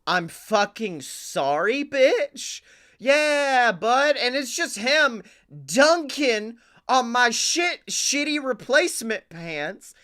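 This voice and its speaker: Bright high-voiced young man telling stories. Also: slow pace. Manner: animated storyteller, profane, acts out dialogue. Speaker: podcast co-host. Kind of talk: casual comedic chat.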